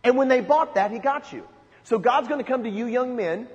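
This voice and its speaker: High-voiced man preaching in a reverberant hall. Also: brisk, lo-fi sound. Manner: emphatic preaching with rhetorical questions. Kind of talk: sermon.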